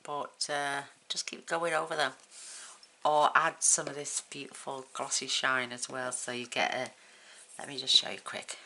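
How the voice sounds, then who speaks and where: Very deep-voiced woman crafting tutorial host. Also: flat delivery, normal speed, pushed and bright, a little hiss or hum, low-quality recording. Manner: chatty, counts items aloud, talks while working.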